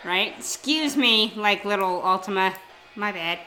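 A woman's voice: mid-range voice, unhurried, pushed and bright. A woman casually commenting on a movie as it plays, joking and swearing freely. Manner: joking, swears freely, mock-quotes the characters. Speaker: guest commentator.

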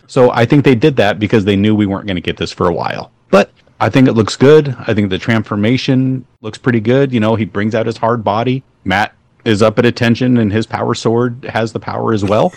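A man's voice: fairly low pitch, normal speed, no echo. A middle-aged man giving blunt, opinionated takes in casual podcast chat, swearing freely. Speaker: podcast co-host.

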